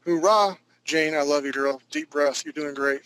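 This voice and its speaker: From his home studio, a man teaches a live online drawing class, thinking aloud loosely and jokingly as he draws. His fairly high, fairly bright voice is clean in tone but completely flat in delivery at a moderate pace, and the recording is low quality.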